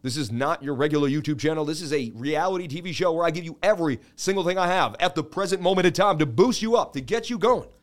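A man's voice: a little high, fast talker, few pauses. A middle-aged man hosting a crypto trading livestream, salesy and pumped up, calling viewers baby. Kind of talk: hyped livestream chart talk.

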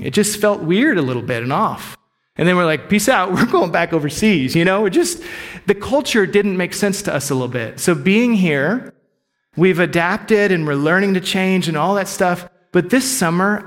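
A man's voice: high-pitched, a bit bright, in a large hall. A middle-aged male pastor giving a candid, conversational sermon, openly sharing his own struggles with the congregation. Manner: candid, conversational, self-disclosing. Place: church sanctuary.

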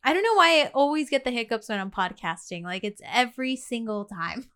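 A woman with a bright, forceful voice pitched a little high chats candidly on a podcast, laughing easily. She has the hiccups. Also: very animated, brisk, clear, resonant tone. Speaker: podcast co-host. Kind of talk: casual podcast chat.

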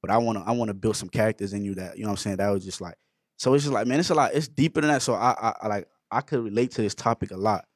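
Fast-talking low-voiced man. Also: dry recording, clean studio sound. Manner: rambling, keeps saying "you know what I'm saying". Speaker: co-host. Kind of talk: casual faith discussion.

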